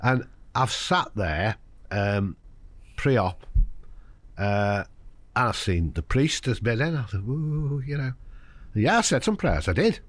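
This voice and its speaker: A man's voice: on the low side, very animated, slow, pauses often, dry recording. Frank older man telling a story. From United Kingdom. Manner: frank, anecdotal, acts out quoted voices. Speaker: podcast guest. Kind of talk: candid conversational storytelling.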